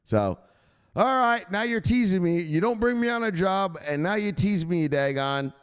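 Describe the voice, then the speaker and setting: A man hosting a crypto news show as a casual livestream, hyped and profane, shouting out viewers. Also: high-pitched, expressive, normal speed, smooth. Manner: talks straight to viewers, gives shout-outs. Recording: echoey room with long reverb.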